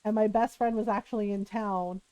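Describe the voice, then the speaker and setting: A woman streamer casually telling a personal story, animated, laughing often and swearing freely. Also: medium pitch, brisk, clear, resonant tone, no echo, muffled recording. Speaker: live streamer.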